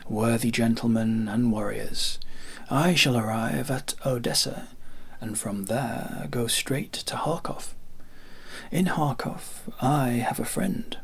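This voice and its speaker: A man's voice: medium pitch, gravelly, a bit bright, slightly rough, full character voice. A man voicing a sick, ironic passenger who mocks and boasts. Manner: mocking, sardonic.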